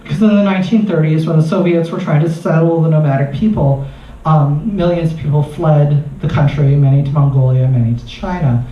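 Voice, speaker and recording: A man, a researcher doing stand-up, telling a comic story on stage in an animated way and laughing at his own lines. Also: on the high side, brisk, hardly any pauses, slight background noise. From United States. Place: live comedy venue. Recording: distant, roomy, muffled live recording.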